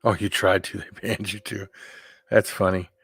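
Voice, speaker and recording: A man's voice: fairly low pitch, little pitch movement, moderate pace, a bit bright, dry recording, studio quality. A man hosting a casual live-stream chat, rambling and talking to his viewers. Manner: rambling, keeps clearing his throat. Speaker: host of a live hangout stream.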